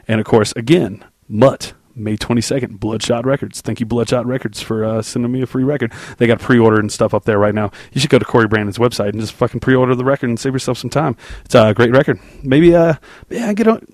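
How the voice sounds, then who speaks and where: Male podcast host, loose and rambling, casual swearing, mid pitch, close dry mic. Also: steady tone, quick pace, few pauses, darkish tone, dry recording. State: on cold medicine.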